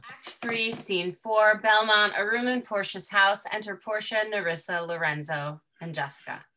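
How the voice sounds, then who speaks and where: A woman's voice: medium pitch, normal speed, bright, forceful tone, rough recording. A woman reading out stage directions in an unrehearsed play reading, her voice trailing off at the ends.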